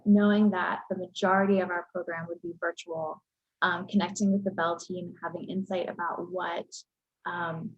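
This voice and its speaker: Give me a woman with a low, gravelly voice explaining her program earnestly on a panel. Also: low-quality recording. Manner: earnest, thoughtful with frequent ums. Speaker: program leader. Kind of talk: casual webinar panel talk.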